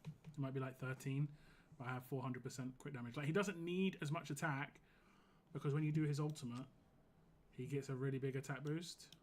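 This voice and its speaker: A hoarse man streaming a game live, giving casual, rambling commentary full of "like". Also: mid-range voice, a little fast, a little hiss or hum. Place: home gaming setup.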